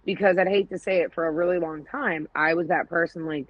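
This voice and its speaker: A woman's voice: fairly low pitch, fairly even intonation, a little fast, hardly any pauses, no room sound, muffled recording. A woman co-hosting a podcast, telling stories in candid casual chat, acting out quoted dialogue and swearing freely. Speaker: podcast co-host.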